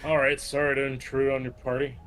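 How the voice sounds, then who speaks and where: A man's voice: mid-range voice, level tone, fairly quick, a bit bright. A man in casual chat on an art stream, rambling and hesitant with many fillers.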